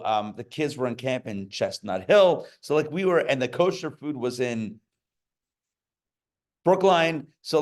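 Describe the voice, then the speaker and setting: A rabbi teaches a live class in a loose, conversational way. He wanders into stories and joking asides and often stops to restart a sentence. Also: medium pitch. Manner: chatty, joking asides, many fillers and restarts. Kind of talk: casual Torah class with stories. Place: live class before an audience.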